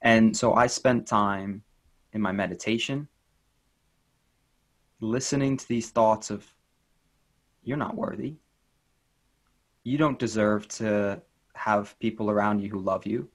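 Earnest low-voiced man, gently encouraging. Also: unhurried, long pauses. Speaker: inner child life coach. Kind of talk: interview guest, reflective talk.

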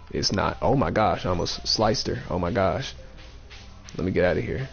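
A man's voice: low-pitched, animated, normal speed, gravelly. A man giving casual, playful let's-play commentary, thinking aloud and repeating himself, with a dull lo-fi mic and faint game music. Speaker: gaming streamer.

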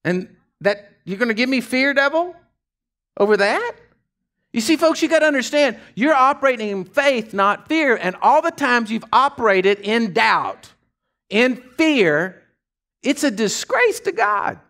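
A pastor preaching a sermon, telling folksy stories in a casual drawl and swinging from hushed asides to fired-up shouts. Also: male voice, very high voice, sing-song, unhurried.

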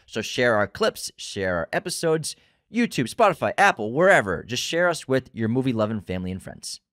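A man's voice: medium pitch, sing-song, brisk, a bit bright, dry recording, clean studio sound. A man co-hosting a casual movie podcast, playfully quizzing his co-host and teasing him.

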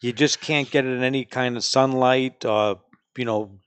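A man's voice: mid-range voice, fairly even intonation, moderate pace, clean tone, no echo. A middle-aged man, a store owner answering questions in an easygoing, matter-of-fact way. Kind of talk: casual chat.

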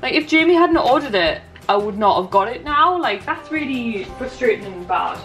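A woman's voice: fairly high pitch, animated, normal speed, fairly bright tone, soft background music. Chatty young woman vlogger. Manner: chatty, flustered, lots of "like". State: tired and stressed. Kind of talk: casual vlog chat.

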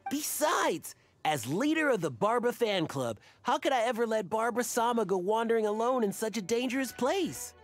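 A man's voice: extremely high pitch, very animated, normal speed, faint music behind. An actor playing an eager young male fan who is nervous and rambling, in game character dialogue.

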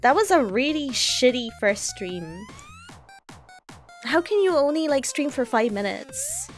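A young woman streaming a game live, reacting excitably and swearing as she plays. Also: high voice, unhurried, soft background music. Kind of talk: live gameplay commentary.

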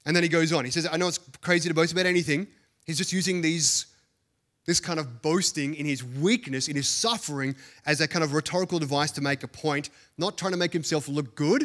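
A man's voice: on the high side, fairly quick, a bit bright. A man with an Australian accent, a pastor preaching a sermon to a congregation in a church, earnest and building emphasis through repeated phrases.

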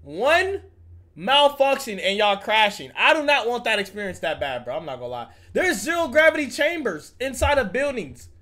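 Young man, streamer reaction talk, high bright voice, slangy and profane, casual. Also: big pitch swings, brisk, hardly any pauses. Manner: slangy and profane, says bro a lot.

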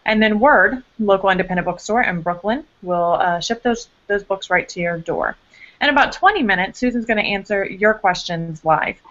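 A woman hosting an online event, running through the practical details briskly in a mid-range voice. Her audio is dull and lo-fi. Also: mid-range voice, lively intonation, a bit bright. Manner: brisk, informative, a few fillers. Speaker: event host. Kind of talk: event announcements.

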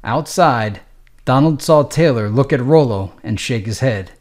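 A man's voice: mid-range voice, expressive, a little slow, darkish tone. A man narrating a gritty street novel in a streetwise, matter-of-fact, profane way. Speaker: audiobook narrator.

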